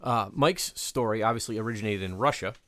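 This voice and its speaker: A man's voice: lowish voice, fairly quick, a bit bright, no room sound. A man co-hosting a podcast, chatting casually and joking, with many fillers. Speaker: podcast co-host. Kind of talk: casual chat.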